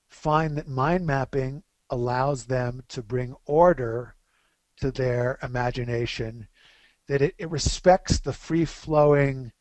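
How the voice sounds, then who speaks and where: Middle-aged male guest expert, animated and emphatic, a touch high-pitched, dry close mic. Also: no room sound. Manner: animated storyteller, stresses key phrases slowly. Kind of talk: webcast interview.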